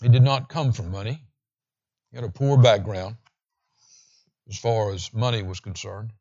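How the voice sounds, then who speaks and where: A man preaching a sermon with emphasis, slowing down to read scripture aloud. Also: fairly low pitch, fairly even intonation, mellow, dull audio. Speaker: pastor.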